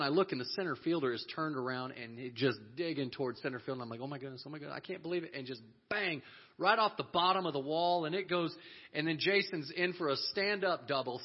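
A man telling a lively personal story to an audience, animated and laughing often as he acts out the people in it. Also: on the high side, husky. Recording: dull lo-fi audio.

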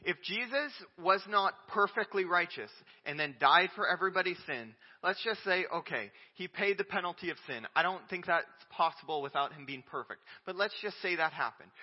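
Emphatic preacher in a reverberant church. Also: male voice, a little high. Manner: emphatic preaching, swinging between loud declarations and quiet asides. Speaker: pastor. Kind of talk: sermon. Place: church sanctuary. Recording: dull audio with long church reverb.

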